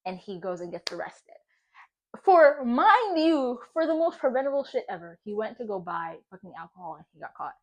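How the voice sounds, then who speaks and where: A young woman vlogger chatting casually while baking at home, animated and profane, laughing often as she talks. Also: on the low side, quick pace, vocal fry, hardly any pauses.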